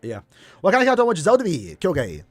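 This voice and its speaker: Young man, gaming streamer, slightly high pitch, rambling casual chat, faint background music. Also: wildly swooping pitch, fast talker, no room sound. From Ireland. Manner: rambling, restarts often, talks to chat.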